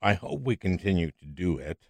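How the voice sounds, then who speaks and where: An older man hosting a podcast, joking and enthusiastic, with a lowish voice. He repeats words for emphasis. The sound is close and dry. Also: very animated, a little fast, creaky, a little mellow, no room sound. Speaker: podcast host. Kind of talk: casual interview chat.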